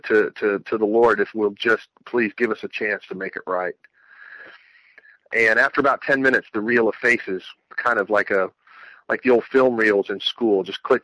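Man, bright tone, dry close mic, earnest testimony with lots of restarts. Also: on the low side, no echo, rough recording. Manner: earnest, rambling, many restarts. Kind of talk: personal religious testimony.

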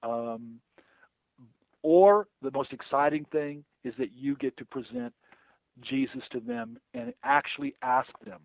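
A man's voice: fairly high pitch, big pitch swings, unhurried, creaky, no echo. A middle-aged man talking earnestly about evangelism, repeating words often and acting out conversations he has had. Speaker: evangelist guest. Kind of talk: casual interview talk about evangelism. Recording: tinny phone-line sound, dry.

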